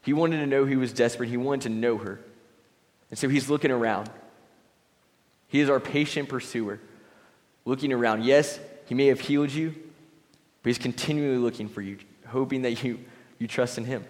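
A young man preaches a sermon in a relaxed, conversational tone, now and then slipping into short acted-out voices. His voice sits at a middle pitch. The sound carries a long reverb from a large hall. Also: moderate pace, pauses often. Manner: conversational, reads scripture aloud, acts out voices briefly. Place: church hall.

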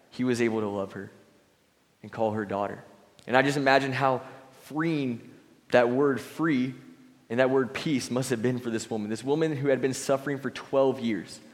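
A young man giving a sermon in a casual, conversational way, reading scripture aloud and briefly acting out voices. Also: mid-range voice. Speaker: preacher. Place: church hall. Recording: long hall reverb.

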